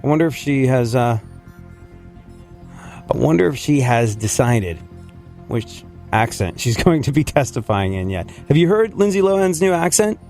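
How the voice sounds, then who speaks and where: A man hosting a radio show who grew up in England, chatting in an animated, rambling way and laughing often. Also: medium pitch, moderate pace, faint music behind. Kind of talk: casual radio banter. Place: radio studio.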